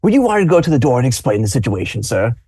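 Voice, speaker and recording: A man's voice: medium pitch, very animated, fast talker, dark tone, breathy edge, dry recording, studio quality. A man doing a flustered, polite animal servant.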